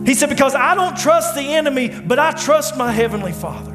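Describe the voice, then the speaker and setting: A man preaching a sermon in a church, with dramatic pauses, swinging from loud, pleading lines to hushed ones. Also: very high voice, big pitch swings, over music. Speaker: pastor. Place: church sanctuary.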